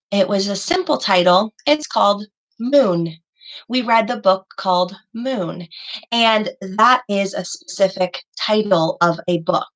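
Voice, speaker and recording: A woman's voice: mid-range voice, fairly bright tone, low-quality recording. A woman teaching young children in an online class over a video call, patient and encouraging, praising her students by name. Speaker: elementary school teacher.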